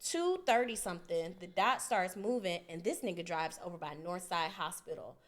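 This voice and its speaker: A woman's voice: on the low side, animated, normal speed. A woman co-hosting a podcast, telling a story in a casual, profane way and acting out both sides of the argument. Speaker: podcast co-host.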